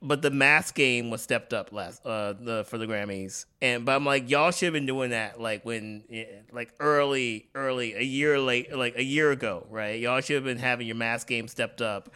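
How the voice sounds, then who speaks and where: A man's voice: mid-range voice, normal speed, hardly any pauses, sharp tone, smooth. A man co-hosting a casual comedic chat, rambling with lots of "like" and laughter. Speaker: podcast co-host.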